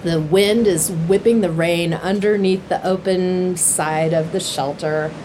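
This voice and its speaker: A woman telling a personal story in a casual, lively way, laughing now and then and acting out what was said. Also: fairly low pitch, unhurried, slight background noise. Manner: lively, laughs while telling, acts out quotes. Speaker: interviewee telling a hiking story.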